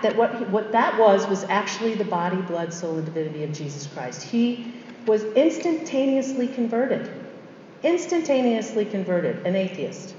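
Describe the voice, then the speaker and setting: A woman's voice: medium pitch, darkish tone, a little hiss or hum. A middle-aged woman, a religious sister, giving an emphatic storytelling faith talk with conversational asides and repeated key phrases. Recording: echoey hall, dull muffled sound.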